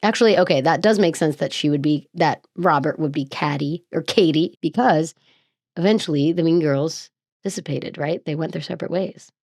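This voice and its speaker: A woman with a low voice hosts a podcast, reading a mystery script and breaking into jokey asides. She talks animatedly and often cuts herself off mid-thought. The recording is close and dry, with no room sound. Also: dry recording. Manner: animated, jokey asides, quick self-interruptions. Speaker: podcast host.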